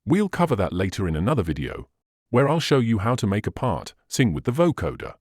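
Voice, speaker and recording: Male tutorial host, low and lively pitch, dry close sound, patient step-by-step explainer. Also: fairly quick, no echo. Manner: patient step-by-step explaining, slightly non-native phrasing. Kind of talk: instructional screen walkthrough.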